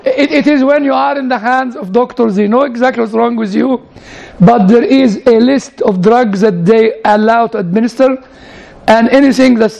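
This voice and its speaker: A man with a high voice and vocal fry, his tone on the darker side, comes through on poor-quality audio. He preaches a chatty, conversational sermon, leaning on "you know" and often turning to the audience with side questions.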